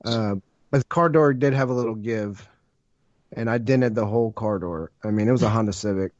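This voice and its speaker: A man's voice: lowish voice, brisk, darkish tone, dry recording. Guy chatting on a podcast, laughs a lot, dead dry muffled sound. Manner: laughs through his story, plain talk. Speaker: podcast co-host. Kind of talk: casual storytelling.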